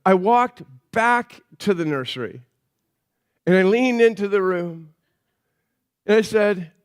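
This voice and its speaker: High-voiced pastor telling a story. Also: male voice, expressive, slow, long pauses, clear, resonant tone. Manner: conversational storytelling with frequent restarts. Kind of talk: sermon. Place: church.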